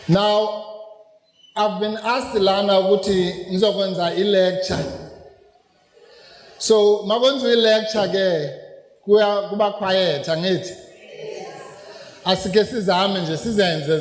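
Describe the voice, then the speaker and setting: High-voiced South African man lecturing in a reverberant hall. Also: darkish tone. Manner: rousing, then deliberate and explanatory, mixing in Zulu phrases. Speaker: speaker at a political rally. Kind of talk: political lecture. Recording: echoey hall with long reverb.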